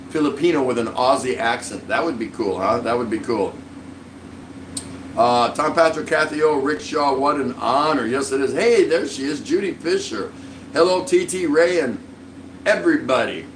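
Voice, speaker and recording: A man hosts a casual live stream, chatting in a friendly, rambling way and greeting viewers by name. His voice sits at an ordinary middle pitch. It carries a roomy echo, sounds a little distant from the mic, and has a faint hum of background noise. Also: fairly bright tone. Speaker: livestream vlog host.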